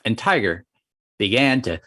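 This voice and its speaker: Male folktale storyteller, lively pitch swings, dry close sound. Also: measured pace, no room sound. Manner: animated, varied delivery.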